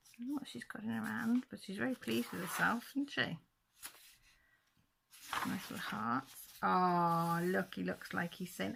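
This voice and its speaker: A woman's voice: medium pitch, measured pace, creaky, a bit bright, a little hiss or hum. A woman hosting a channel, chatting casually and chuckling to viewers as she flips through a book. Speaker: channel host.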